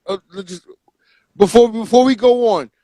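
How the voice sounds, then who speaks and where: A man's voice: very high voice, normal speed, mellow, no echo, rough recording. A man, a co-host in casual chat who halts and restarts his questions.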